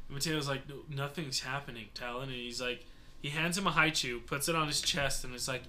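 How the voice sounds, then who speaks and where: A young man casually telling a story to friends, animated and swearing freely, dropping into lower voices to mimic the people in it. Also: fairly quick, slight background noise.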